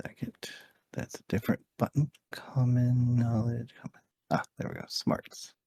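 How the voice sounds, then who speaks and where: Man player, husky, relaxed, dry sound. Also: medium pitch, normal speed, no echo. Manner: relaxed, thinking aloud. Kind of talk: casual game chat.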